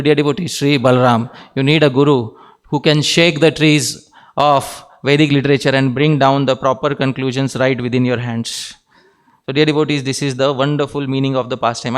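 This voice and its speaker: With a smooth, mid-range voice, a man conducts a devotional scripture class. He engages his listeners with frequent questions and fondly repeats "dear devotees," punctuating his points with light laughter.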